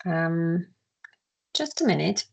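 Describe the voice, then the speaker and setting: A woman with a Finnish accent teaching a language lesson, speaking haltingly with many filler sounds and repeating words as she explains. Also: lowish voice, very animated, gravelly, darkish tone, slightly rough.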